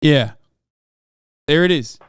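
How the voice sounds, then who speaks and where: A man's voice: a little high, lively intonation, slow, very noisy. A man streaming and reacting to the news, in casual political commentary that rambles, full of swearing and sarcasm.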